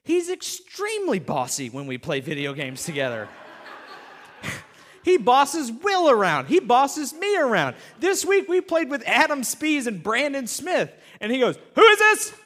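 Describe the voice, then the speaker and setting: A male pastor giving a sermon, telling stories and talking straight to the audience with lively energy. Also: very high-pitched, a little slow. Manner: animated storytelling, talks straight to the audience.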